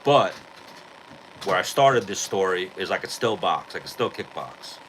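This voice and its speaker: A man hosting a podcast, casually retelling a street fight in a profane, animated way. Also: low voice, measured pace, a little hiss or hum, rough recording. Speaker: podcast host. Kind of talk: casual storytelling.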